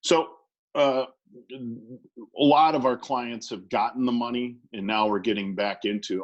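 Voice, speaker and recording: A man's voice: medium pitch, fairly even intonation, a little slow, dull audio. A man who works as a business lawyer, presenting a webinar in a conversational way with many fillers and restarts.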